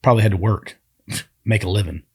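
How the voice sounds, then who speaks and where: A man's voice: fairly low pitch, slightly rough. A man from Tennessee co-hosting a podcast, telling stories in casual chat and acting out what people said. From Tennessee, United States. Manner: fast, lively storyteller who acts out quotes. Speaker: podcast co-host.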